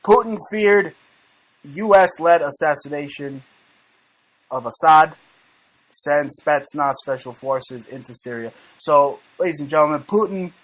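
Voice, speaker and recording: A man's voice: on the high side, measured pace, fairly bright tone. Brash, profane man hosting a talk show. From United States. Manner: brash, profane, mocking banter. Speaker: show host. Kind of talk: casual conspiracy talk show chat.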